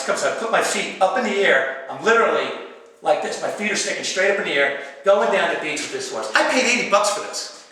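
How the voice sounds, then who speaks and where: A man telling a funny true story as stand-up comedy, animated and acting out his own shouts and other voices. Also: on the high side, slight background noise. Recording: echoey room from far off.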